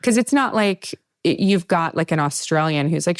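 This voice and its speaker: A woman from the Pacific Northwest hosting a casual chat, animated and swearing freely. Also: lowish voice, normal speed, dry recording, studio quality. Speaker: podcast host.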